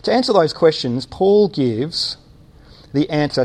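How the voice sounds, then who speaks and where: Man, pastor giving a sermon, slightly high voice, hesitant fillers, rhetorical questions, church setting. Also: animated, a little slow, a little mellow. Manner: thinks aloud with many fillers and restarts, asks rhetorical questions. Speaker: preacher.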